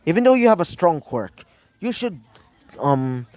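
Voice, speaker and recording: A man's voice: on the high side, sing-song, unhurried, a little mellow, no echo. A man voicing a big fatherly male hero who gives a hesitant lecture. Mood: lecturing.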